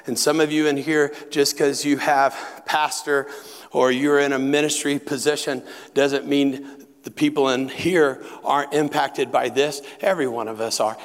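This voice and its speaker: A middle-aged man preaching a sermon, telling personal stories in an animated way and dropping into hushed tones at emotional moments. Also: medium pitch, normal speed. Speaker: pastor. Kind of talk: sermon with acted anecdotes. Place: large hall at a retreat center. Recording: long hall reverb.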